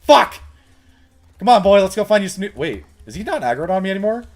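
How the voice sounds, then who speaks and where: A man giving live, excitable commentary while playing a video game, laughing and shouting commands to a pet. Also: high voice, fast talker. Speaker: game streamer.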